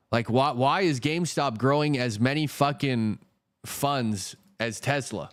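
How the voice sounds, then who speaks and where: A man's voice: mid-range voice, measured pace, dry recording. Exasperated, foul-mouthed male stream host. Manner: exasperated, swears heavily, repeats himself. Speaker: stock market livestream host. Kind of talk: casual profane market rant.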